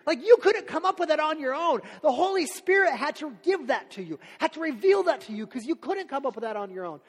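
Man putting on an upbeat grown male teacher, exclaiming and encouraging, high voice, long hall echo. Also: lively intonation, brisk. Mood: earnest. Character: enthusiastic adult male teacher.

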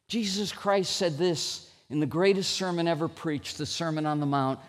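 A middle-aged man preaching a sermon, slow and emphatic, with sudden loud rises for stress. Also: a little high. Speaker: pastor. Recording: long hall reverb.

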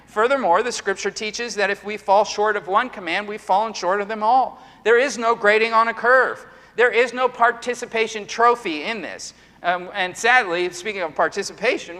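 A man's voice: sits high, bright, forceful tone. A middle-aged male pastor preaching an earnest sermon, full of emphatic rhetorical questions. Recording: long hall reverb.

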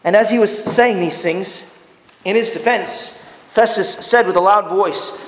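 A high-voiced man preaches earnestly, leaning into slow, emphatic phrases as he pleads with his hearers. His voice rings through a roomy hall with a long reverb tail. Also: a bit bright. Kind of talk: sermon.

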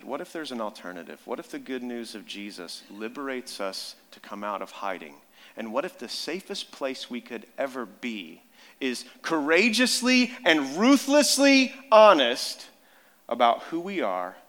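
A man in his thirties preaching a sermon, telling stories in an animated way and rising to loud emphasis. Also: medium pitch, moderate pace, gravelly. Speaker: pastor. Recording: long reverb of a large hall.

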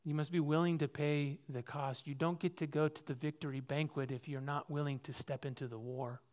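A male pastor delivers an earnest, personal sermon, alternating between loud, high-pitched exhortation and quiet, low reflection. His intonation stays fairly even and he speaks fairly quickly.

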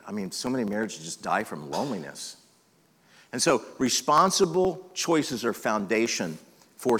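A fairly low-voiced man preaches a sermon in a church, his voice trailing in a long hall reverb. He talks in a conversational way, sinking to quiet, intimate lines and then pushing up for emphasis.

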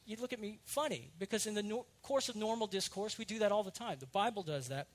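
Middle-aged male pastor with a high voice, teaching a conversational sermon with lively asides. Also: fast talker. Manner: earnest, conversational, with lively asides and self-corrections.

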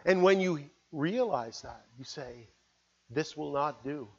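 A high-voiced man delivers an earnest sermon, rising to loud appeals and then dropping to hushed words. The recording sounds dull and lo-fi. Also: animated, slow pace, husky. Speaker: pastor.

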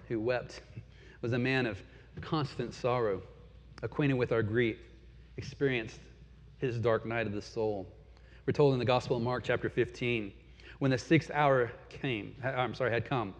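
A man in his forties preaching a sermon as pastor, earnest, swelling and dropping in force. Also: mid-range voice. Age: 40s. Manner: earnest, rising and falling in force. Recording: dull sound with long hall reverb.

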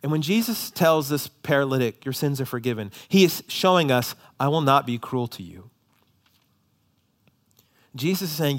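A man preaching a sermon, moving between hushed, slow passages and emphatic ones, often repeating words as he restarts. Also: medium pitch, expressive. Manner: dynamic, shifts between hushed and emphatic delivery; frequent quick repetitions and restarts. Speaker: pastor.

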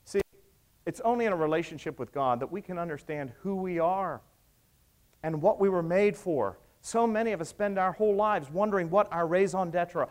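High-voiced preacher delivering a sermon. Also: male voice. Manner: dramatic retelling with acted quotes, swinging from hushed to raised.

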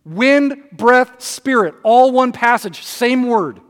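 A man's voice: very high-pitched, expressive, measured pace, hardly any pauses. A man preaching a sermon, reading scripture aloud with emphasis and breaking into conversational asides. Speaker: pastor. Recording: long reverb of a hall.

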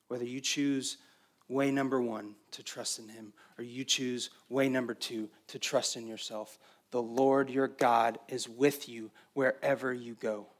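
A man preaching a sermon as pastor, swinging between emphatic raised passages and quiet, intimate stretches. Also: medium pitch, fairly even intonation, a little slow.

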